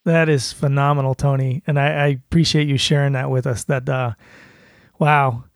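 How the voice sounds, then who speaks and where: A man's voice: medium pitch, flat delivery, creaky, dry recording, clean studio sound. A man hosting a podcast, answering his guest with praise and short laughs. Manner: warm, appreciative responses with quick laughs. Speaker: podcast host. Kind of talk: interview host.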